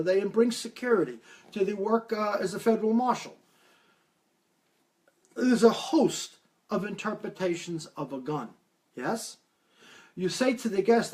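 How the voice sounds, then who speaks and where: Guy livestreaming as a medium, higher voice, acts out the people he quotes. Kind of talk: live-stream talk answering viewer questions.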